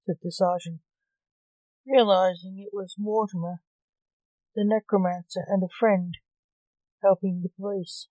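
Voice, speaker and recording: A woman reading her own short story aloud for a podcast, measured and plain. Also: medium pitch, steady tone, dark tone, no room sound, poor audio.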